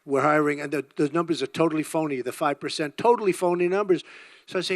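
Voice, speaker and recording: A man's voice: on the high side, fast talker, dry recording. An older man giving an emphatic, rambling campaign rally speech, repeating his phrases over and over. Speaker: political candidate.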